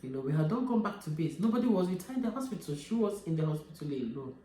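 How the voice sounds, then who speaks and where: Nigerian woman in her 30s, emotional vlogger, low mellow voice, halting and repetitive, roomy echo. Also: very animated. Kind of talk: emotional personal vlog.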